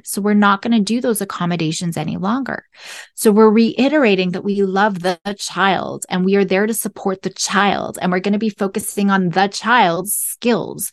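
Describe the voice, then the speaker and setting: Woman, podcast host, earnest explainer, mid pitch, dry close recording. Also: no room sound. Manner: earnest, checks in with "right?" and "okay?". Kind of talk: explanatory parenting podcast talk.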